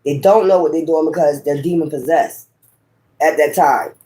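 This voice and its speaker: Man, tarot reader, high-pitched, casual and profane, talks right to the viewer, emphatic. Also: normal speed, warm tone. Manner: frequent rhetorical tag questions. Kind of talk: casual spiritual reading to viewers.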